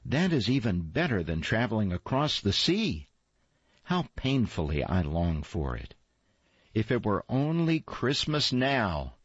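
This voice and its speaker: Storybook role: restless young fir tree, read by a man, eager and questioning, husky tone. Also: lowish voice, very animated, a little slow, dry recording, full character voice. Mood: longing. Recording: dull lo-fi, dry.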